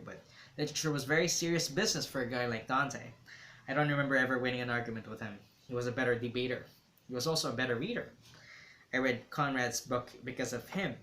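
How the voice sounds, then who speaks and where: Guy reading a book out loud, thoughtful, middle voice, echoey room. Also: medium pitch. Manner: reflective first-person storytelling. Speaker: reader. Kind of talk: reading a novel aloud. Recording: roomy echo.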